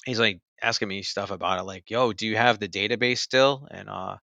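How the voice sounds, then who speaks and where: A man's voice: fairly low pitch, fairly even intonation, brisk, creaky, pushed and bright, dry recording, dull audio. A man casually recounting something that happened to him, in a loose conversational way full of fillers. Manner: loose and conversational, many fillers like "like" and "you know". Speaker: storyteller recounting own experience. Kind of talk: casual personal storytelling.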